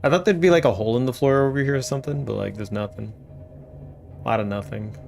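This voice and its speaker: A man's voice: medium pitch, quick pace, gravelly, a little mellow, faint music behind. A man streaming a game, casually thinking aloud and rambling between tasks. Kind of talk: casual gameplay commentary.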